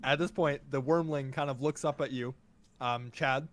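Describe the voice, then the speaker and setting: A man's voice: medium pitch, steady tone, normal speed. A man running a tabletop game as game master, laid-back and often chuckling as he talks through the rules.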